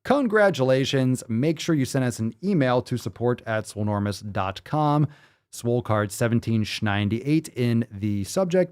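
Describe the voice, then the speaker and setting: A man hosting a casual live podcast, loud, joking and full of profanity. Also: mid-range voice, expressive, moderate pace, clear, resonant tone. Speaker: podcast host.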